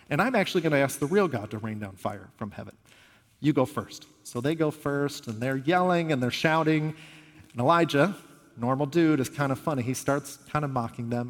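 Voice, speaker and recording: A man delivering a sermon with a somewhat high voice. He talks in an earnest, conversational way and tells the stories with animation. His voice rings out with a long reverb, as in a large hall. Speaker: pastor.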